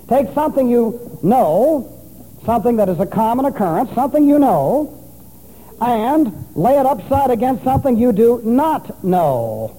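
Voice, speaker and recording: A man's voice: high voice, warm tone. A man preaching an expository sermon, spelling out Greek words letter by letter and teaching with emphasis. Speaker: pastor. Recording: long reverb of a large hall.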